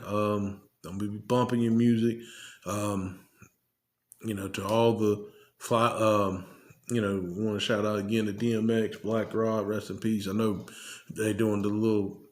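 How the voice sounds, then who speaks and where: A man hosting a podcast, giving casual, loose commentary with lots of fillers. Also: fairly low pitch. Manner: laid-back, loose, many fillers. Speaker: podcast host.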